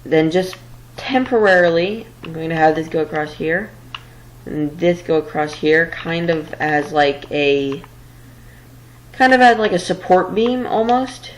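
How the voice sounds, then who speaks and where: A woman's voice: on the low side, a little slow, a little hiss or hum, rough recording. A woman giving casual let's-play commentary while building, rambling and a little flustered, tired late at night. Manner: rambling, flustered, self-deprecating. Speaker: gameplay commentator.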